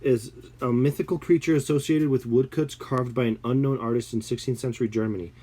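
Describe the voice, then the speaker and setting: A man's voice: mid-range voice, brisk, slightly rough. Man telling spooky tales on a podcast. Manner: animated storyteller, reads aloud from screen. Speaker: podcast co-host. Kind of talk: casual chat.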